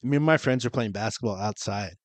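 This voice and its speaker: A man's voice: medium pitch, lively intonation, brisk, no echo. Young male podcast co-host, casual storyteller, swears a lot, dry close mic. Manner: storytelling, profane, laughing. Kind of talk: casual chat.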